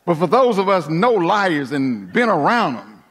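Pastor, male, high voice, preaching with sweeping shifts from hushed to emphatic, long hall reverb. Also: very animated, a little slow, breathy edge. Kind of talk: sermon.

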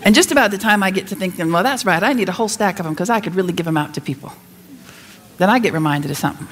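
A woman speaking to an audience, telling a story in an animated, laughing way. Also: fairly low pitch, rapid-fire, slight background noise.

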